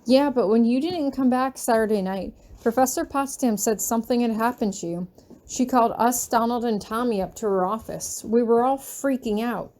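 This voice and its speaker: A woman's voice: on the high side, moderate pace, darkish tone, close to an everyday voice. A woman voicing a worried teenage girl from a boarding school, asking anxious questions in a fanfiction reading. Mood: concerned.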